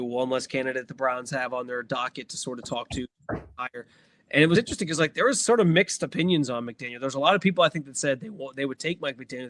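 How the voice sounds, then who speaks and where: A man's voice: mid-range voice, fairly bright tone. A man co-hosting a sports podcast, chatting casually and rambling through fillers and restarts. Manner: rambling, filler-heavy, self-correcting. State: has the hiccups. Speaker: podcast co-host.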